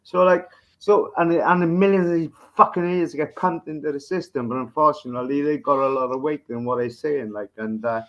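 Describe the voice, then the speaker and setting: A man's voice: fairly high pitch, fairly quick, a bit bright, muffled recording. A man hosting a podcast, ranting in a crude, profane, rambling comic manner. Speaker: podcast host. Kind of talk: crude comedic rant.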